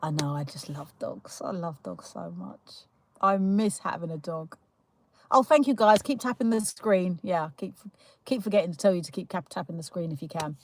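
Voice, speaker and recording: A woman's voice: on the low side, lively intonation, moderate pace, darkish tone, slight background noise, rough recording. A young British woman hosting a casual livestream, chatting and giggling as she welcomes viewers, with lots of fillers and restarts. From United Kingdom. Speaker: livestream host. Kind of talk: casual live chat greeting viewers.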